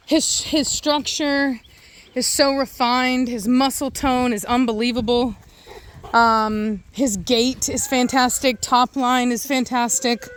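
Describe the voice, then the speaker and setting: A woman's voice: high voice, fairly even intonation, slow. A woman hosting her own dog-breeding vlog outdoors, chatting casually with lots of fillers and restarts and calling commands to her dog. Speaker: dog breeder and channel host. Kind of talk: casual vlog talk to camera. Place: outdoors in a yard.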